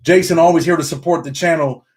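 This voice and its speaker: A man's voice: on the high side, fairly even intonation, quick pace, darkish tone. A man from upstate New York with a Southern country twang, hosting a casual livestream, reading the chat aloud and tacking "man" onto the end of his sentences.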